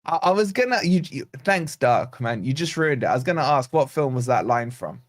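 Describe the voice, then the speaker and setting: A man from Scotland hosting a live football watch-along, animated and nervous, reading out chat messages and gifts. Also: mid-range voice, a little fast. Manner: animated, excitable, reads chat aloud. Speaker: fan channel host.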